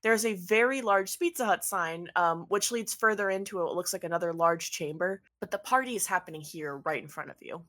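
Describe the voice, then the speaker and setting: A woman's voice: lowish voice, brisk, few pauses, fairly bright tone. A woman narrating as game master of a tabletop game, chatty with many fillers.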